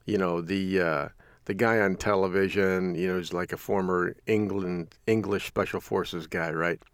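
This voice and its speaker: A man's voice: deep voice, fairly even intonation, moderate pace, dry recording. A middle-aged male host telling a casual folksy story, chuckling often as he talks. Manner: folksy storytelling with frequent laughs. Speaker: radio host. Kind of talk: casual chatty monologue.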